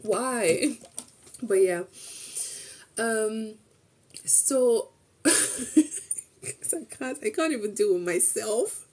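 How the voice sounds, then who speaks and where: A young woman talks her viewers through her day in a relaxed, chatty way, circling back and restarting sentences as she goes. Her voice is slightly husky with a warm, mellow tone. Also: mid-range voice, unhurried. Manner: chatty and rambling, with restarts and quoted asides. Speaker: streamer. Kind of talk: casual storytelling recap.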